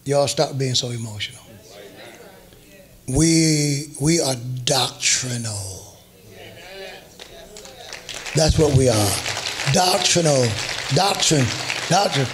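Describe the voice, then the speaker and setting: A male preacher delivering a sermon in an emphatic, repetitive way that rises to shouts. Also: medium pitch, expressive, takes it slowly, long pauses.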